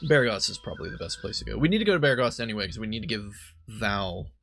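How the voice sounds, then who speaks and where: A man's voice: on the low side, big pitch swings, very fast, fairly bright tone, faint music behind. A man casually commenting while playing a game, rambling and correcting himself as he thinks aloud. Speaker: let's play host.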